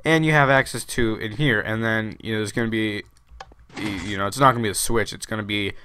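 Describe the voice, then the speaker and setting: A man's voice: lowish voice, fairly even intonation, fairly quick, pushed and bright, slight background noise. A man hosting a Minecraft video, giving casual gameplay commentary in a rambling way, full of fillers and restarts.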